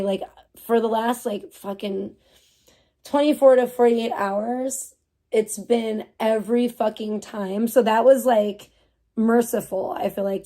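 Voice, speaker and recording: A woman's voice: medium pitch, warm tone. A woman livestreamer venting to her chat in a profane, heated rant full of swearing, who stops to thank viewers. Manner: talks straight to viewers and thanks donors.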